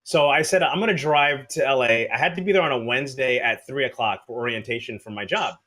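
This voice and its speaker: A man, a podcast guest, telling an exaggerated road-trip story in casual, animated chat. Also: mid-range voice, fast talker.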